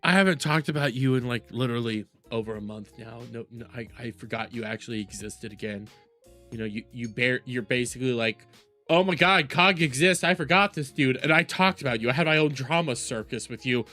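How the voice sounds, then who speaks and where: Sarcastic streamer man, mocking reaction commentary, bright close voice, faint music behind. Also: a little fast. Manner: sarcastic, mocking, swings between loud outbursts and low mutters. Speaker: stream host reacting to a clip.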